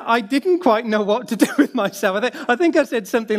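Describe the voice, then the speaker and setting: A middle-aged man from the United Kingdom preaching a sermon in a gentle, pastoral way, with a light humorous aside. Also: very high-pitched, lively intonation, fairly quick.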